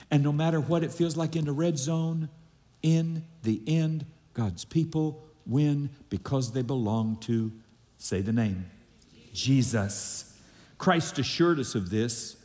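A man's voice: a little high, a little mellow. A male pastor preaching a sermon with emphatic delivery, calling on the congregation to repeat lines after him. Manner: emphatic preaching with audience call-and-response. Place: church sanctuary. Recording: long hall reverb.

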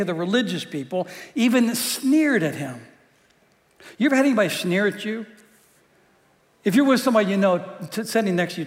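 A man with a notably high voice preaches to his congregation, chatty and quick to joke, and often stumbles back over his own words. The sound rings with the long reverb of a big hall. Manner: conversational and joking, often repeats words. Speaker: pastor. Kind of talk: sermon.

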